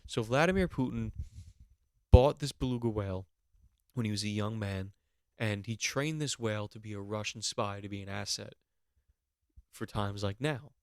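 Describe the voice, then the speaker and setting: A man hosting a podcast, going on an animated, mock-outraged comedic rant with plenty of swearing. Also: lowish voice, moderate pace, long pauses, smooth, no echo, studio quality. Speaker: podcast host.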